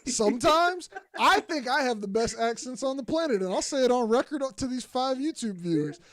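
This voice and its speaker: A man's voice: very high voice, lively intonation, fairly quick, fairly bright tone. A man hosting a podcast, bantering in a joking, boastful way. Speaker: podcast host. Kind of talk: casual chat.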